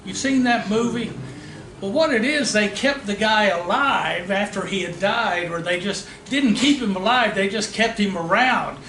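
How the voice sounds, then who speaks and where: At a moderate pace and with a sharp, high-pitched tone, a man running a real estate seminar fills his talk with jokes and stories directed at the room. Slight background noise accompanies the echoey meeting-room sound and its faint ambience.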